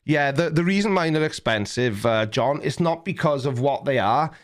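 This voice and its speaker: A man's voice: on the high side, animated, moderate pace. Middle-aged male livestream host, rambling, self-mocking, reads chat aloud.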